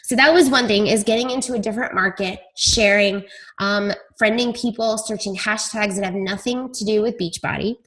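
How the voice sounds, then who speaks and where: A woman with a medium-pitched, fairly bright voice speaks at a normal speed as she leads a coaching call for her team. Her talk is casual, and she tells stories in a chatty, self-deprecating manner.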